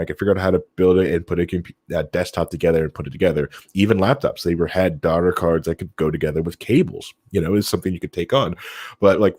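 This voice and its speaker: A man in his thirties with a low voice, chatting on a podcast. He talks in a digressive, animated way, peppered with fillers. The recording is dry and close-miked. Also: breathy edge, dry recording. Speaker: podcast co-host. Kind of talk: casual podcast discussion.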